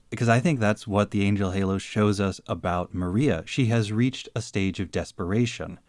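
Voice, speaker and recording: Podcast co-host, man, measured delivery with dry humor, lower register. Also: no echo. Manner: dry joking, measured and reflective. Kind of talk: casual analytical chat.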